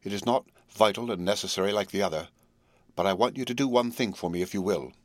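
A man reading the part of a devoted young wife, earnest and resolute, in a measured pleading tone. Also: fairly low pitch, dry recording, close to an everyday voice. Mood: solemn. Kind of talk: audiobook character reading.

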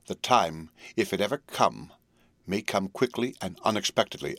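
A man reading the part of a devoted young wife, earnest and resolute, in a measured pleading tone. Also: on the low side, fairly bright tone, dry recording, natural voice. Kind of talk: audiobook character reading.

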